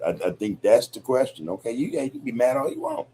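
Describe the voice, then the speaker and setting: A man's voice: medium pitch, huge pitch swings, fast talker, warm tone, slight background noise. A man hosting a podcast, talking in a reflective, loose, profane way, peppered with "you know, man". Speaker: podcast host. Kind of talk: casual podcast monologue.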